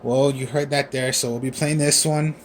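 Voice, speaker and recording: A man co-hosting a casual chat and wrapping things up with relaxed sign-offs. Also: medium pitch, normal speed, slight background noise. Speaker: co-host.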